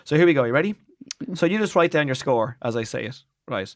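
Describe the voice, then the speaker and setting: An Irish man co-hosting a podcast in casual chat, animated and jokey, rambling with restarts. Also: mid-range voice, fast, dry recording, studio quality. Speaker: podcast co-host.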